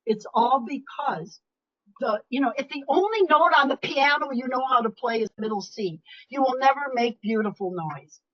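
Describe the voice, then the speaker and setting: An older woman coach giving a live webinar talk, animated and emphatic, often dropping her voice low or to a whisper for effect. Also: normal speed. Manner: animated, emphatic, varies loudness, drops to whispers. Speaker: speaker and leadership coach. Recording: dull lo-fi webinar audio.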